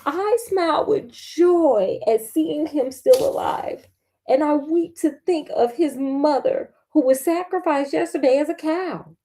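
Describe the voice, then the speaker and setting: A woman voicing a young maiden who knows magic, speaking softly and partly in a whisper, as she reads a storybook tale aloud. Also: high-pitched, unhurried, pitched above the performer's own voice. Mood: tender, tearful.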